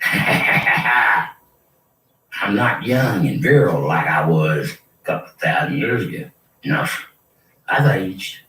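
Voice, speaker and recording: A man's voice: lowish voice, sing-song, takes it slowly, long pauses, pushed and bright. An older man, delivering a rambling, preachy and threatening monologue. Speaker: self-proclaimed prophet. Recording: roomy, distant mic with faint noise.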